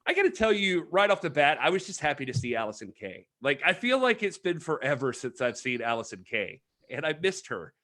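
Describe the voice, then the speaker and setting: A man's voice: a little high, sing-song, fairly quick, hardly any pauses. A man hosting a wrestling podcast in casual chat, reading out chat messages and laughing often. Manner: laughing, reads chat shout-outs, does impressions. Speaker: podcast host.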